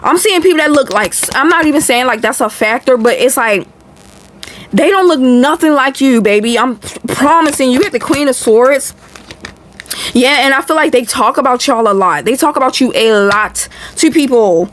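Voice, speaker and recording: A woman's voice: sits high, lively intonation, moderate pace, a bit bright, slight background noise. A woman doing a casual tarot reading for viewers, blunt and chatty, swearing freely and talking straight to her audience. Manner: blunt, profane, chatty, addresses viewers directly. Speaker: tarot reader.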